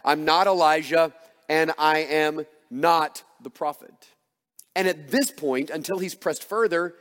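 A man's voice: a little high, big-room sound. A man preaching a sermon, earnest and emphatic, asking rhetorical questions as he explains a passage. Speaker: pastor.

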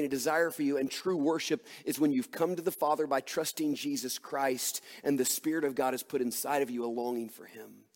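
Male pastor, fairly high voice, earnest emphatic sermon delivery, long church-hall reverb. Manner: earnest, emphatic preaching with rhetorical questions.

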